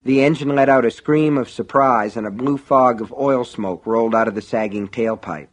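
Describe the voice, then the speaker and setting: Male audiobook narrator, mid pitch, steady wry storytelling. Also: moderate pace.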